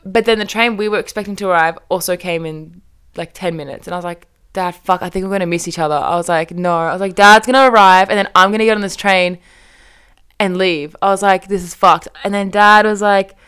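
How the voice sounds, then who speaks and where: A woman's voice: medium pitch, fairly quick, clean tone. A young woman hosting a casual podcast chat, telling a story with lots of swearing and acted-out quotes. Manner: lively, swears often, acts out quoted speech. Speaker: podcast host.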